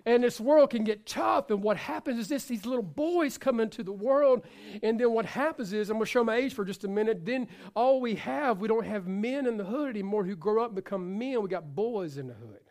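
A male pastor preaching a sermon, passionate and repetitive, swinging between loud exhortation and quiet asides, joking with the congregation. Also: sits high, expressive, brisk. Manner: repeats phrases for emphasis, jokes with the congregation.

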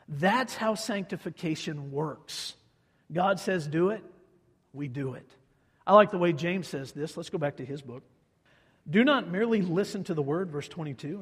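Emphatic preacher man in an echoey hall. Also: slightly rough. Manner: emphatic, swings from loud declaiming to low quiet asides. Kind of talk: sermon. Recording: echoey hall with long reverb.

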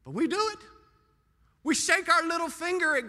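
A male pastor preaches with passion, his voice swinging between loud rises and sudden soft drops. He speaks unusually high for a man, with a very bright, sharp edge. His words ring out in a church sanctuary with a long trailing reverb. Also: lively intonation, moderate pace. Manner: impassioned preaching, voice rising and dropping sharply. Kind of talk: sermon.

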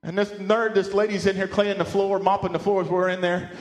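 A male pastor preaching a sermon, animated, often restarting words and asking his congregation questions. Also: sits high, brisk, reverberant. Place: church sanctuary with speakers.

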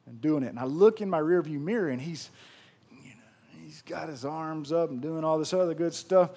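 A man preaching a sermon to his congregation, telling a story in a folksy, animated, conversational way with slangy phrasing. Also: fairly high pitch, moderate pace. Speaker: pastor.

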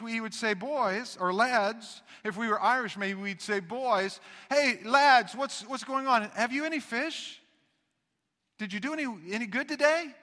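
Bright-voiced preaching man in a hall. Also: high voice. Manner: animated, folksy preaching with repeated restarts and rhetorical questions. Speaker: pastor. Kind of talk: sermon.

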